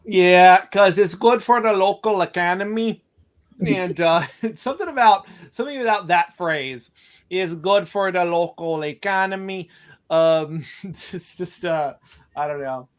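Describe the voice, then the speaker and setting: A man's voice: high voice, measured pace. Male comic artist, loose and rambling, self-deprecating livestream chatter. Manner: rambling, self-mocking, trailing off. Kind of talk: casual livestream chat.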